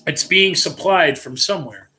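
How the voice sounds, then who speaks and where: A calm, guarded mentor who speaks in a measured, thoughtful way, as a man reading aloud plays him. The voice sits fairly high with a bright, pressed tone. It is read aloud on a livestream.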